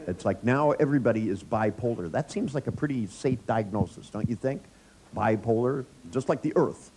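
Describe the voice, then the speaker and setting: A man's voice: mid-range voice, expressive, moderate pace, warm tone, a little hiss or hum, rough recording. Wry man teaching a workshop. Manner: wry, joking storyteller addressing a live audience. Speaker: workshop trainer. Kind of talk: live workshop lecture with anecdotes. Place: workshop room with an audience.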